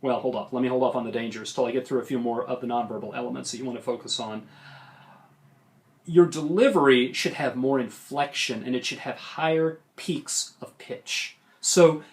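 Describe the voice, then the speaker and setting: Animated male public speaking teacher. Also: medium pitch, moderate pace. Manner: animated, demonstrates big vocal range and gestures. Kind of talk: recorded lecture to camera.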